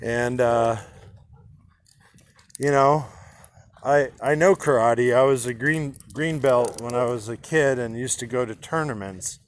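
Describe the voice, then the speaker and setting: A man talks slowly and deliberately, stopping often to restart his sentences. His voice sits at an ordinary middle pitch, and he speaks frankly with casual swearing. He records an inspirational monologue into his own camera. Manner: halting, with frequent restarts and fillers. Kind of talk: candid personal vlog monologue.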